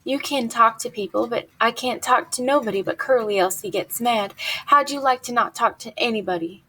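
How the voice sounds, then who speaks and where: A woman's voice: on the high side, moderate pace, bright, forceful tone, husky, poor audio. A woman reading as a lonely, coaxing young ranch wife. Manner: coaxing, chatty.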